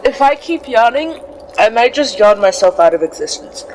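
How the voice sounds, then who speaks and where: A woman's voice: a little high, expressive, moderate pace, noisy background. A woman reading a story game aloud in a sleepy way, stumbling over words, correcting herself and breaking off for casual asides.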